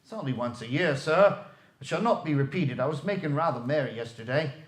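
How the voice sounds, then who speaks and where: A man's voice: fairly high pitch, lively intonation, fairly quick, close to an everyday voice. A man playing a timid clerk who sounds apologetic and nervous. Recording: echoey room.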